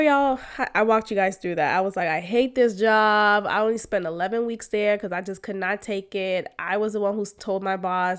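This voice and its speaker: A young woman hosting a podcast, telling a personal story in a candid, expressive way, laughing often and talking straight to her listeners. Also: mid-range voice, clean tone. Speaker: podcast host.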